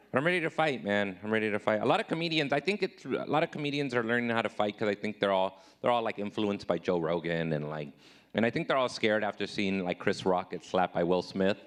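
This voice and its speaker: A man in his thirties performing a live stand-up comedy set, self-deprecating, jumping high and loud when he acts out his own replies. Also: expressive, fairly quick.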